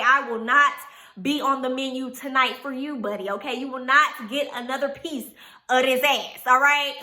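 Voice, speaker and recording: A young adult woman with a high voice tells a casual storytime to her viewers, animated and profane, frequently turning to address the audience. The sound is reverberant.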